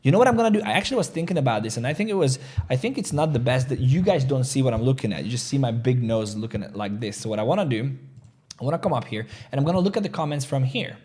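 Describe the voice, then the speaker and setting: A man's voice: medium pitch, expressive, rapid-fire, darkish tone, slightly rough. A man hosting a casual crypto trading livestream, talking energetically and reading out chat comments. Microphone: desk mic, studio chair creaking.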